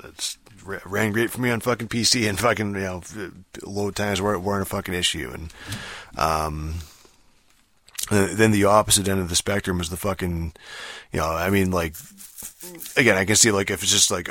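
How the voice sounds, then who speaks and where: A man's voice: low voice, fairly even intonation, fairly quick, fairly bright tone, no echo. A man ranting casually about gaming, profane and rambling, full of fillers and restarts. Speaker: gaming commentator. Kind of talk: casual rant.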